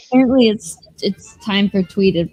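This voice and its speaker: A woman's voice: medium pitch, a little mellow, dry recording, muffled recording. A woman chatting casually on a livestream, teasing and laughing often. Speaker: comic creator.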